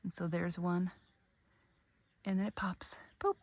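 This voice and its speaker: A woman's voice: on the low side, flat delivery, a little slow, darkish tone. A woman giving a casual, chatty walkthrough of her flower garden, gushing over the blooms and a little tired and out of breath after a long drive. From American Midwest. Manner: chatty, gushing about flowers, many ums. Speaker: garden vlogger. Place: outdoor garden on a summer evening. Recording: faint outdoor ambience with crickets.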